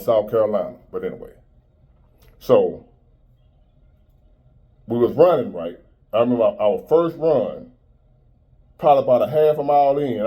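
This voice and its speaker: A man's voice: mid-range voice, warm tone. A man in his fifties giving a blunt, preachy motivational monologue in street-style talk. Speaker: motivational speaker.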